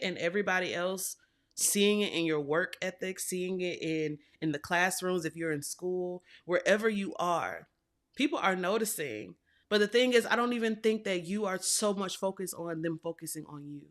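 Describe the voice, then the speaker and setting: A woman whose voice sits on the low side with a bit of brightness gives a casual tarot reading for viewers. Chatty and affectionate, she calls them "y'all" and "baby" and repeats phrases for emphasis.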